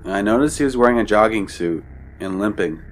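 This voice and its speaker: A man narrating a true scary story in the first person with measured, descriptive wording. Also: lowish voice, slight background noise.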